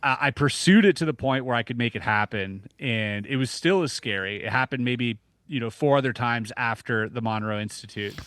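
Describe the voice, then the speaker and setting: A man in his thirties talks as a podcast guest, keeping his voice at a middling pitch. He tells a story in a casual, animated way, stumbling over restarts and acting out his own reactions. The sound is dry and close to the mic. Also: a little fast, few pauses, no echo.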